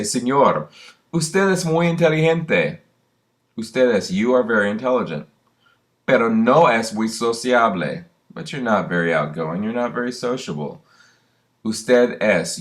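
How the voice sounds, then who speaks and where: A man teaching a Spanish lesson, slowly repeating each example word. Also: fairly low pitch. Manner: slow, deliberate repetition of example words. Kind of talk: recorded classroom lesson.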